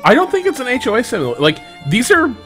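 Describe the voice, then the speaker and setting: A man's voice: very high-pitched, wildly swooping pitch, racing, a bit bright, soft background music. A man hosting a casual game stream, wry and profane, reading game text aloud. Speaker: stream host. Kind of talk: casual chat playing a game.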